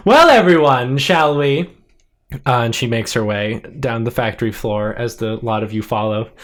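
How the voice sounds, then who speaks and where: A man's voice: lowish voice, flat delivery, fairly quick. A man narrating a tabletop game as game master, playful and often laughing.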